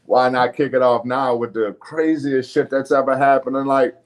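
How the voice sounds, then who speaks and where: A podcast host from the New Orleans area, speaking with a New Orleans accent, talks loosely on his casual show, laughing and swearing freely with frequent restarts. His voice is medium-pitched with a flat delivery at a moderate pace.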